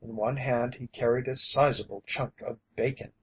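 A man reading a story aloud as an audiobook narrator, in a steady, even manner. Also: mid-range voice, moderate pace, husky, rough recording. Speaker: audiobook reader.

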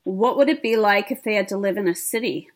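A woman in casual chat about a reality show, measured and opinionated. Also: mid-range voice.

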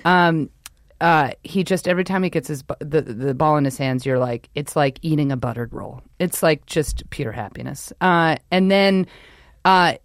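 A woman's voice: sits low, normal speed, no room sound. Blunt, opinionated woman in dry sports chat. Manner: blunt, opinionated, with many restarts. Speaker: podcast co-host.

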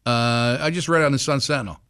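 A man's voice: medium pitch, fast talker, pushed and bright, clear, resonant tone. A man hosting a radio show, chatting loosely and jokingly with plenty of fillers, on a studio microphone. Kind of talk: casual morning radio chat.

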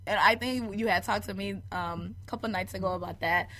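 A woman co-hosting a podcast in casual chat with friends, earnest and quick to laugh, often trailing off softly. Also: mid-range voice. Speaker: podcast co-host.

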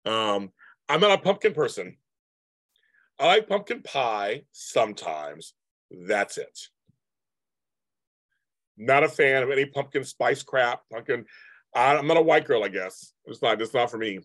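A man's voice: medium pitch, lively intonation, unhurried, long pauses, fairly bright tone, no room sound. A man in his fifties hosting a live stream, chatting casually and rambling as he answers comments from viewers. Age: 50s.

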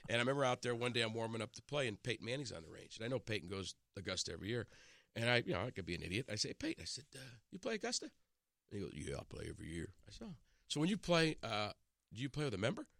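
This man's voice is lowish and creaky, and he talks very fast with no room sound on a studio microphone. As an in-studio radio guest swapping stories in casual conversation, he's animated, acts out quotes and keeps restarting.

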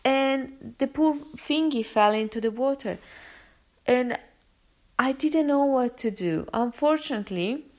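Woman vlogger, casual and expressive storyteller, lots of fillers and restarts. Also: sits high, a little slow. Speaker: vlogger sharing a daily quote. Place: home area in London.

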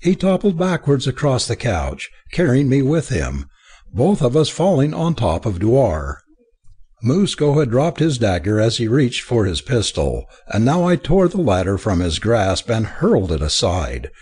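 Husky male audiobook narrator, theatrical. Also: mid-range voice, unhurried. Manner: expressive, theatrical reading. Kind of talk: dramatic first-person audiobook narration.

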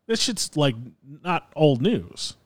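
A man's voice: fairly high pitch, very animated, slow pace, dry recording, clean studio sound. A man co-hosting a podcast over a video call, teasing his co-host in a wry, casual way and swearing freely.

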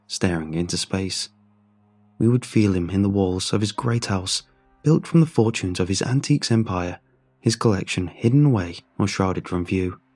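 A man narrating a first-person story in a measured, reflective way. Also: on the low side, a little mellow.

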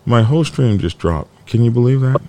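A man's voice: mid-range voice, expressive, a little fast, mellow, a little hiss or hum. A man hosting a casual biker news live stream, rambling and joking while dealing with his dog and computer trouble. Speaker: biker news show host.

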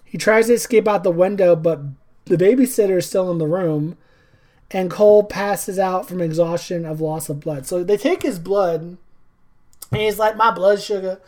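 Animated woman retelling a movie scene. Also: lowish voice, moderate pace. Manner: animated storytelling, acts out characters, laughs often. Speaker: podcast co-host recapping a movie. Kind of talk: casual chat.

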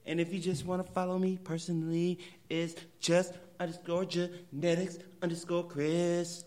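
A man co-hosting a comedy podcast, animated, joking and crude. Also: high voice, moderate pace. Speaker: podcast co-host. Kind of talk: casual chat.

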